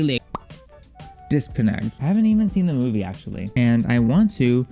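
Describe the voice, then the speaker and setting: A young man chatting casually in a vlog, swearing freely, with quick asides and acted-out quotes. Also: mid-range voice, very animated, gravelly, dark tone, faint music behind. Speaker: vlogger. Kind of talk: casual shelf-tour vlog.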